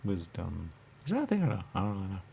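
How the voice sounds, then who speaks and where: A man's voice: low-pitched, huge pitch swings, quick pace, vocal fry, a little mellow, slight background noise. A man rambling in circles, asking himself questions and answering them, repeating words and dropping into sudden whispers. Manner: circular, repetitive musing with sudden whispers.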